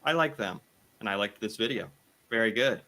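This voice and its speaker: A man's voice: lowish voice, moderate pace, pushed and bright. An American man casually reacting to a video, thinking aloud and laughing often. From United States.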